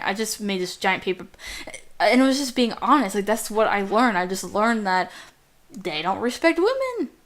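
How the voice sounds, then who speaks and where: A young woman with a girlish, youthful voice rants casually while playing a game. She talks in a chatty, distracted way and drifts off mid-thought. She drops the odd swear word along the way. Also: mid-range voice. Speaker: gameplay commentator. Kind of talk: casual gameplay rant.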